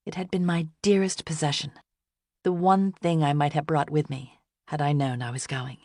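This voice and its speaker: A woman reading a novel aloud as an audiobook narrator, in gentle, even first-person storytelling. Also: low voice, no room sound, clean studio sound.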